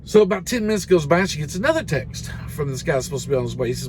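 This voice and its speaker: Fast-talking man telling a rambling story. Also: medium pitch, lively intonation, noisy background. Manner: rambling, filler-heavy, keeps adding "and everything" and "you know". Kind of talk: casual spoken storytelling.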